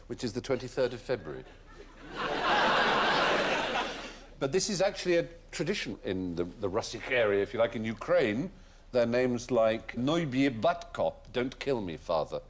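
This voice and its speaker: A man's voice: mid-range voice, measured pace, long pauses, very noisy. A middle-aged man hosting a quiz panel show and explaining odd facts with learned relish. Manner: erudite, lively explainer.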